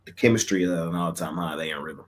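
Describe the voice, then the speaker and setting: Male betting-show host with a lowish voice, easygoing and slangy, tends to mumble his endings. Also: fast. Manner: laid-back, slangy, trails off quietly. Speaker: sports betting picks host. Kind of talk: casual picks chat.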